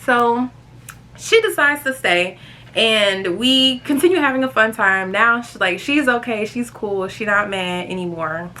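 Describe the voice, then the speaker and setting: A young woman telling a girls' trip story to her viewers in casual vlog style, animated and chatty. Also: a little slow, a little hiss or hum. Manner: chatty, animated, jumps high when quoting friends. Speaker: storytime vlogger.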